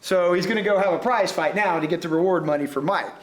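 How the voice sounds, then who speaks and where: A man on a discussion panel, retelling a story and reading passages aloud with animated delivery. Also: high-pitched, fast. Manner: animated, chuckling between readings.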